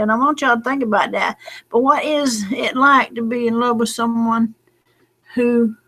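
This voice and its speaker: A woman's voice: fairly high pitch, fairly bright tone. A middle-aged woman, talking in a late-night casual vlog, rambling and folksy, drowsy and close to tears. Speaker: lottery number vlogger.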